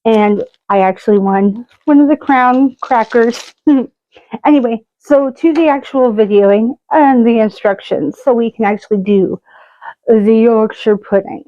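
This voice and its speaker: A woman hosts a homey cooking vlog in a rather high voice. She talks slowly and chattily, drifting into rambling side stories. The recording sounds a bit dull and lo-fi. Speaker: cooking show host.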